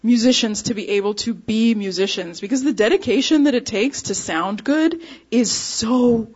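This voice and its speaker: A woman's voice: on the high side, normal speed, a little mellow, breathy edge, dull audio. A woman musician interviewed on the radio, speaking earnestly and animatedly and laughing often. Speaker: musician, guest.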